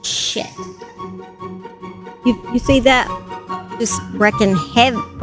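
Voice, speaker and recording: A woman's voice: fairly high pitch, drawn-out words, long pauses, music in the background. Chatty woman vlogging outdoors. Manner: chatty, easily distracted, exclaiming. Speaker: true crime channel host. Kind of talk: casual outdoor vlog chat. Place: windy yard outdoors by a pond. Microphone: clip-on mic.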